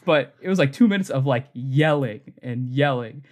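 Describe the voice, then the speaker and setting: A young adult man telling a rambling, comic story on a podcast, full of "like" and quick laughs. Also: mid-range voice. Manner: rambling, laughs often, heavy use of filler "like". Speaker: podcast co-host. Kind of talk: casual comedic storytelling.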